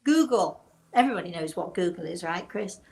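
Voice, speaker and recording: An older woman hosting a live show as a psychic medium, talking in a chatty, encouraging and self-deprecating way with a hoarse voice that is still recovering. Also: medium pitch, measured pace, a bit bright, low-quality recording. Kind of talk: live online call-in talk.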